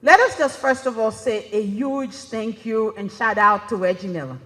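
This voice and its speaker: A woman's voice: fairly high pitch, lively intonation, normal speed, background noise. A woman giving a conference presentation in a chatty, conversational way, often checking in with "right?". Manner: conversational, keeps asking "right?". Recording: reverberant hall.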